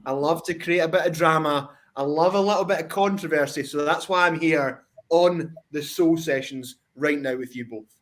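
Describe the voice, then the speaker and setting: A man's voice: on the high side, moderate pace. Cocky man trash-talking on a call. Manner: cocky, boastful, swaggering. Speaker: interrupting wrestling champion guest. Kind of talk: brash trash talk.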